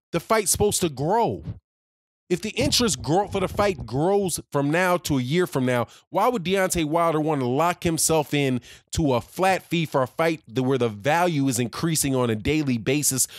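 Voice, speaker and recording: A man rants hard on his own channel, using a slightly high voice and a lot of slang. He circles back and repeats his points for emphasis. The sound is dry and close, with no room around it. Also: no room sound. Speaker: boxing commentator. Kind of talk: ranting opinion vlog.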